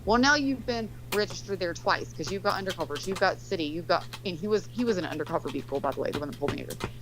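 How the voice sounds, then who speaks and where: A woman's voice: on the low side, lively intonation, rapid-fire, crowd noise, low-quality recording. A woman telling a story in casual chat, rambling and swearing freely, leaning heavily on "like". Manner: rambling, profane, heavy use of "like".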